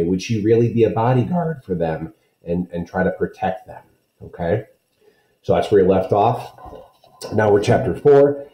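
A man's voice: sits low, warm tone, roomy sound, poor audio. A man, a teacher, reading a children's novel aloud to students, friendly and checking in with listeners.

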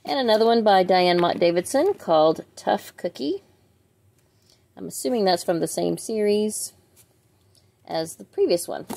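Gravelly-voiced woman chatting books. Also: mid-range voice, animated, measured pace, long pauses, warm tone. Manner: reads titles aloud, chatty asides to viewers. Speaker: book vlogger. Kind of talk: casual book unboxing chat.

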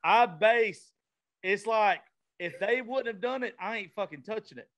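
A Southern-accented man hosting a casual podcast from his studio. He talks in a slightly higher register than most men. His speech is blunt, rambling and full of swearing. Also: a little slow, a bit bright. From Southern United States. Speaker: podcast host. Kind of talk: casual chat. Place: vintage-themed studio.

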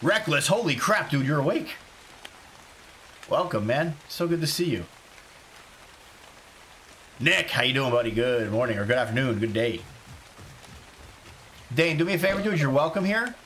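A man from South Carolina streaming a survival game live, chatting excitedly and greeting viewers by name. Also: mid-range voice, normal speed, long pauses, slight background noise. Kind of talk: casual live game commentary.

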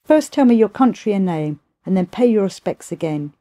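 A woman's voice: medium pitch, animated, normal speed, mellow, close to an everyday voice. Woman reading as a stern old immortal master. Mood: questioning.

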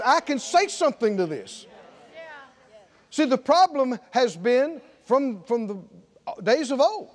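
A middle-aged man preaching a sermon as pastor in a church, emphatic and calling out to the congregation. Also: very high voice. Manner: emphatic, call-and-response preaching.

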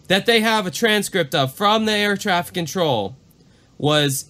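Animated man hosting a mystery podcast. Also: sits high, unhurried. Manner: animated, leaning into the creepy parts. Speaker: podcast co-host. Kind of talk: casual podcast chat and reading.

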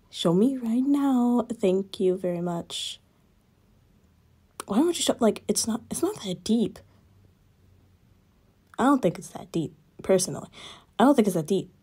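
A woman voicing a teasing woman who corners the listener in an audio role-play, talking slowly and coaxingly. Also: medium pitch, warm tone, husky, pitched above the performer's own voice.

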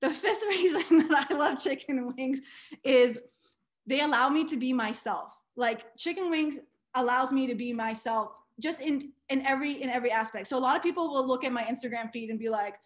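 A young adult woman giving a motivational keynote talk, telling stories with lively quoted dialogue. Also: fairly high pitch, brisk. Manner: animated storytelling with quoted dialogue. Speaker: keynote speaker.

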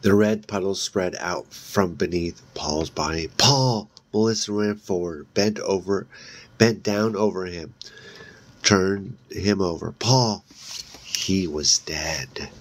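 A man's voice: deep voice, fairly even intonation. A man reading a horror novel aloud in a casual way, with slips and restarts along the way. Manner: reads slowly, with slips and restarts. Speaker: audiobook reader. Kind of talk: casual read-aloud narration.

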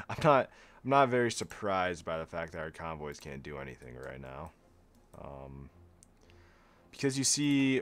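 A young man giving casual, sarcastic gameplay commentary as a video host, often laughing at himself and going deadpan when joking. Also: low voice. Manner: flat monotone when joking.

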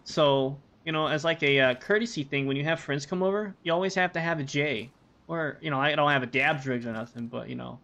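A man's voice: a little high, brisk, a bit bright. A man streaming a game, rambling to himself and his viewers with plenty of swearing. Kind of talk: casual gameplay commentary. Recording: dull lo-fi recording.

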